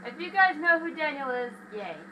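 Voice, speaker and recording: A woman's voice: high voice, lively intonation, moderate pace, bright, forceful tone, slight background noise. A woman chatting casually while watching someone play a video game, playful and teasing. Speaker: co-player. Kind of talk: casual gaming chat.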